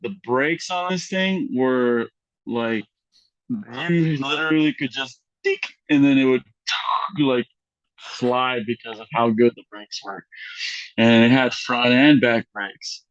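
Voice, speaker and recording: A young man on a podcast telling embarrassing stories in a loose, chatty way, acting out the voices of other people with big jumps in pitch and filling his talk with "like" and "you know". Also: slow pace, dry recording, muffled recording. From Mexican heritage. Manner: animated, acts out quotes with big voice jumps, lots of fillers. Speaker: podcast guest. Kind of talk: casual storytelling chat.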